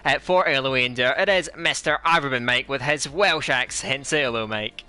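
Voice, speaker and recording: A man commentating an online sim racing league, putting on a fake Scottish accent, chatty and energetic with many fillers. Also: mid-range voice, moderate pace, smooth, faint music behind. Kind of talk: esports race commentary.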